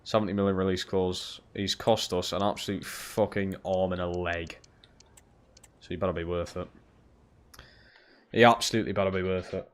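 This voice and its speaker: A man's voice: low voice, flat delivery, moderate pace, pauses often. A young man live-streaming a football game, swearing freely and chatting back to his viewers. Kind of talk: casual live-stream chat while gaming.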